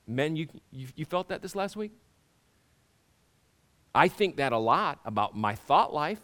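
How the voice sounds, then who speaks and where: A middle-aged man preaching a sermon to his congregation, talking in a conversational way with halting restarts and many rhetorical questions. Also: on the high side, sing-song, a bit bright. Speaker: pastor.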